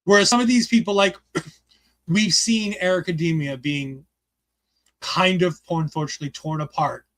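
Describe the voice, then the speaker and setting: High-voiced man ranting about wrestling. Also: normal speed. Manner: excited, rambling, swears freely, many "like" fillers. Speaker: podcast co-host reviewing a wrestling show. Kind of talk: casual review chat.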